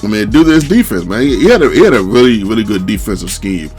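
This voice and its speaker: A gaming commentator talks fast over a replay of his own video game, loose and slangy, leaning on fillers like "man" and "you know." His pitch swings widely and jumps high when he quotes his own disbelief, and he stays animated throughout. Faint music plays underneath the casual commentary.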